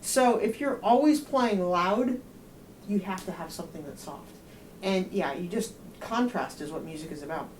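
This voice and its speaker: A woman's voice: fairly low pitch, expressive, normal speed, a little mellow, a little hiss or hum. A woman giving a student one-on-one feedback in a music lesson, direct and explaining with everyday comparisons. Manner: sings rhythms on nonsense syllables. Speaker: euphonium teacher.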